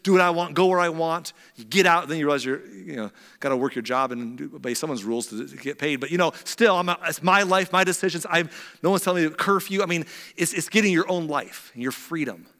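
A man's voice: a little high, fast. Man preaching in a reverberant hall. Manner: conversational, drops to quiet intensity on serious points. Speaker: pastor. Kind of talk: sermon.

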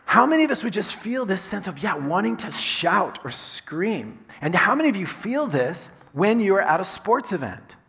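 A man preaching a sermon as pastor, talking in a relaxed, chatty way and laughing now and then. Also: high-pitched, normal speed, few pauses. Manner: conversational, chatty with laughing asides. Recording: long reverb of a large hall.

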